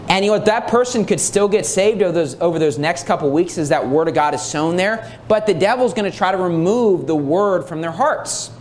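A man's voice: high voice, slight background noise. A man preaching a sermon, reading scripture aloud and repeating key phrases for emphasis.

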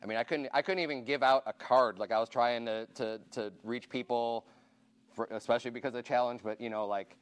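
A man's voice: medium pitch, fairly even intonation, a little fast, smooth. A man pastor giving casual church announcements to his congregation, informal and chatty, asking the room questions and counting raised hands.

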